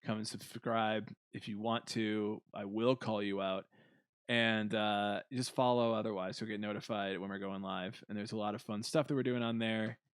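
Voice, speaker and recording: A man's voice: fairly low pitch, fairly even intonation, moderate pace, smooth, dry recording, clean studio sound. A young man co-hosting a casual podcast, telling awkward stories on himself with lots of laughing and swearing. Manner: self-mocking, laughing, swearing storyteller. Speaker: podcast co-host.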